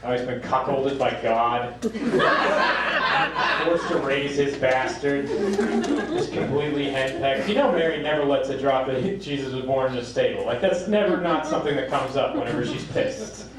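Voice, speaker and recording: A man performing a stand-up comedy set on stage, with a deadpan delivery that jumps into high squeaky voices when he quotes people. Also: unhurried. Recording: live club recording from a distance, echoing room, crowd laughter. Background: audience laughter.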